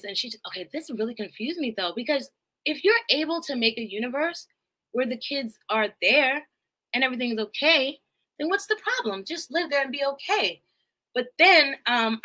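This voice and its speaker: Woman streamer doing a casual recap, rambling and profane, with a bright, slightly high voice. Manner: rambling, swearing, animated, laughing asides. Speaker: live streamer. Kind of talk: casual movie recap chat.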